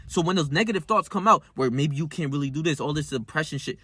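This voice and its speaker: A man's voice: a little high, lively intonation, brisk, sharp tone. A young man talking straight to camera in a casual motivational monologue, rambling and emphatic, swearing often and calling the viewer bro. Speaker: self-improvement vlogger.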